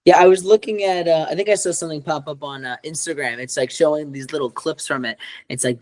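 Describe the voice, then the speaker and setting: A man's voice: a little high, fast, darkish tone, dry recording. A man co-hosting a podcast in casual chat, rambling with lots of fillers and restarts. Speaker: podcast co-host.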